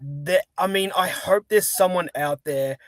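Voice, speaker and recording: A man's voice: high-pitched, measured pace, fairly bright tone, no echo. A man hosting a podcast interview, talking enthusiastically like a fan, with plenty of likes and stumbles. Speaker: podcast host. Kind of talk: casual interview chat.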